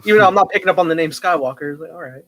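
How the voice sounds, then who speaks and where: Excited young man, relaxed podcast chat. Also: high voice, very fast, rough recording. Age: young adult. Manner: excited storytelling, many fillers and laughs. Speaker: podcast co-host. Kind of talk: casual chat.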